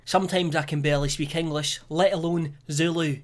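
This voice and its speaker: A man's voice: fairly high pitch, fairly even intonation, brisk, few pauses. A young Scottish man narrating a comedic vlog in a joking, self-deprecating way, laughing often. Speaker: YouTuber.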